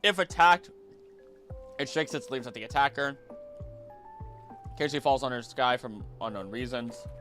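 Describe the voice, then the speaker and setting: A young man chatting casually on a stream, rambling and excitable, jumping between topics and often restarting his sentences. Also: medium pitch, moderate pace, pauses often, soft background music. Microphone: desk mic.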